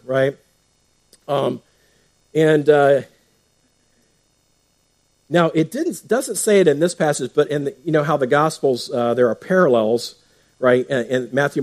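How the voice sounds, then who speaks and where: A man giving informal Bible teaching as a pastor, conversational, often tagging "right?" and restarting with fillers, lifting his pitch for emphasis. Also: darkish tone.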